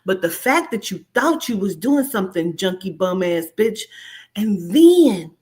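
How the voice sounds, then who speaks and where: A woman's voice: mid-range voice, big pitch swings, measured pace, darkish tone. A woman, delivering brash, profane, mocking reaction commentary as a host. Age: 40s.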